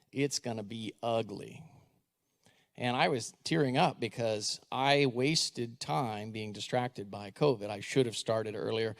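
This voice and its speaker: A man's voice: mid-range voice, gravelly. A middle-aged man, a school superintendent, telling a story to a live audience, acting out the dialogue and asking the crowd questions. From United States. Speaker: school superintendent giving a talk.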